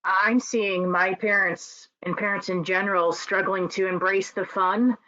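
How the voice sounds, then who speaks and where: A middle-aged woman who coaches, speaking earnestly in a casual webinar talk, often pausing to say um. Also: mid-range voice, steady tone, pushed and bright, no room sound. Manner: earnest, with frequent ums and restarts. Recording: dry, muffled call audio.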